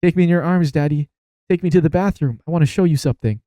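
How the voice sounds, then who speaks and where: Man voicing a dead young boy, pleading child tone, raised pitch, mellow dark timbre. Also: fast, no room sound, lightly acted. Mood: eerie.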